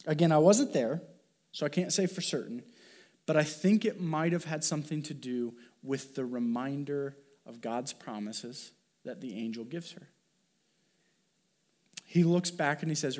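A man's voice: fairly high pitch, unhurried, darkish tone. A man preaching a sermon as pastor, talking in an earnest, conversational way with fillers and restarts.

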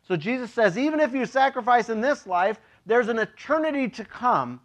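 A man preaching a casual, joking sermon as a pastor, chatty and animated, acting out voices in his stories. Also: very high voice, moderate pace, highs cut off. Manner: chatty, with many "like" and "you know".

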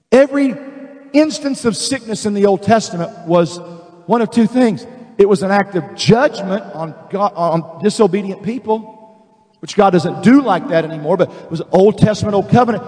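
A man preaching a fervent sermon, calling out to the congregation, repeating words and stretching key phrases slowly. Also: sits high, a little mellow. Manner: repeats words and restarts, drawn-out slow emphasis. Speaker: pastor. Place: large church sanctuary. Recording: long reverb of a large hall.

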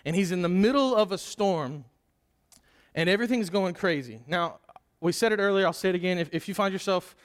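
A middle-aged male pastor preaching a sermon in a conversational, animated storytelling way, with frequent restarts. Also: sits high, a little fast.

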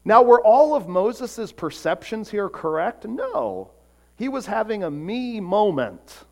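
A man delivers a sermon in a slightly higher-than-usual voice. He preaches earnestly, building to emphatic peaks and then dropping to soft, quiet lines. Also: lively intonation, slow pace, vocal fry. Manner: acts out short voices in quotes. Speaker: pastor.

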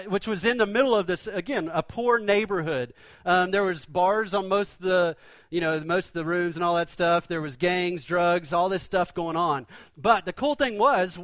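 A man's voice: high voice, fairly bright tone, no echo. A male pastor preaching a sermon in a conversational, joking storytelling manner.

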